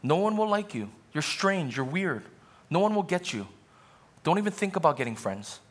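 A jeering male devil, as a preacher puts him on, voice raised well above the speaker's own. He pokes at his listener with doubting, mocking questions and sneers at every weakness. His pace swings from drawn-out taunts to quick jabs. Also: a little high, very animated, pitched above the performer's own voice.

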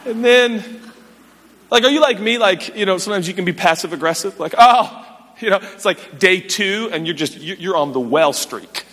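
A man preaching a sermon in a church, animated and self-mocking, with quick asides. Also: high-pitched. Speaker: pastor. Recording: echoey church hall.

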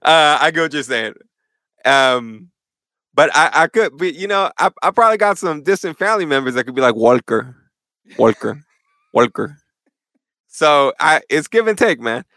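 A young man chatting casually as a guest in a church interview, animated and full of slang. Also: fairly high pitch, moderate pace, dry recording. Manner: animated, slangy, says "bro" a lot. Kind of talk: casual chat.

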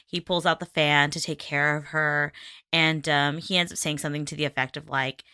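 A woman's voice: sits low, little pitch movement, normal speed, bright, forceful tone, smooth, no echo, clean studio sound. A woman co-hosting a casual chat, recapping a drama, laughing often and swearing casually. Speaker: podcast co-host recapping a drama.

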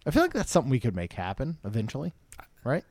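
A man's voice: mid-range voice, huge pitch swings, fast, a little mellow, no room sound, clean studio sound. A man co-hosting a podcast in casual chat, easygoing and agreeable, telling family anecdotes. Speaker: podcast co-host.

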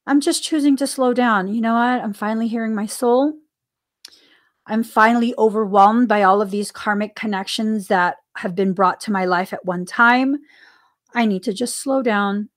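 Slow-talking spiritual podcast woman. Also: medium pitch. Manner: earnest, musing, laughs often, asks herself questions. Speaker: podcast host. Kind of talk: reflective spiritual talk.

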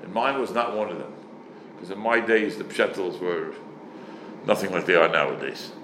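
An older man, a rabbi, answering questions on Jewish law in an emphatic, animated way, dropping Yiddish and Hebrew words. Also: sits low, normal speed, reverberant, background noise. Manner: animated, emphatic, swings his voice up sharply for stress.

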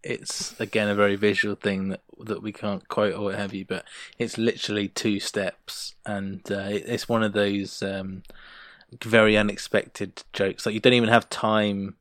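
A man's voice: fairly low pitch, little pitch movement, moderate pace, fairly bright tone, dry recording. A man co-hosting a podcast, chatting casually and animatedly as he recaps a sitcom episode. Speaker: podcast co-host.

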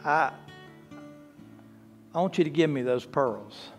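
A man voicing a gentle father speaking tenderly to his little daughter in a sermon story. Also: fairly high pitch, expressive, slow, faint music behind.

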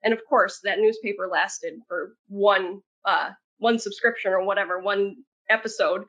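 A woman guest on a podcast telling stories casually, chatty and expressive. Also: mid-range voice, moderate pace, muffled recording. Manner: chatty, talks with her hands, many "like" fillers. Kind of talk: casual storytelling.

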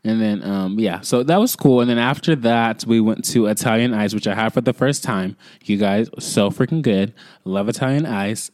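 Young male podcast host, low-ish voice, chatty and rambling, dry close mic. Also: darkish tone, no room sound. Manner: chatty and rambling, quick bursts, frequent "like" fillers. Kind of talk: casual storytelling monologue.

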